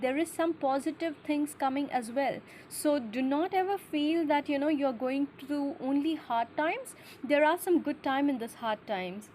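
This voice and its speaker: A woman's voice: high-pitched, darkish tone, slight background noise. A woman giving short intuitive tarot messages to each zodiac sign, talking straight to the listener in a reassuring way with simple, slightly non-native phrasing. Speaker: tarot reader.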